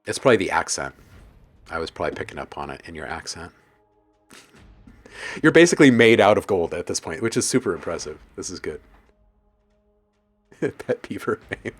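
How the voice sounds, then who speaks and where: Deep-voiced playful man hosting a livestream. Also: very animated, moderate pace, pauses often, soft background music. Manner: playful, jokey, laughs often, reads chat aloud. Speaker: livestream host and music producer. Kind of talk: casual live-stream chat.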